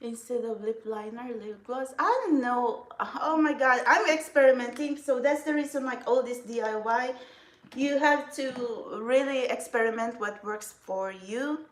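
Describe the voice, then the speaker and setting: A woman's voice: on the high side, measured pace. A woman chatting casually through a makeup vlog, rambling and giggling often as she talks. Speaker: vlogger. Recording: echoey room.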